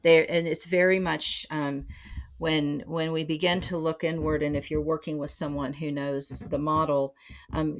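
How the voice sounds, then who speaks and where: A middle-aged woman speaking as a psychotherapist guest on a podcast, reflective and full of fillers and restarts. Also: deep voice. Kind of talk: conversational podcast interview.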